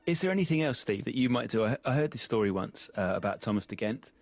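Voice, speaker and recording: A man's voice: medium pitch, lively intonation, fast, no room sound, faint music behind. A man hosting a podcast, recalling a race and putting curious questions to his guests. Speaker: podcast host. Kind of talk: casual podcast chat.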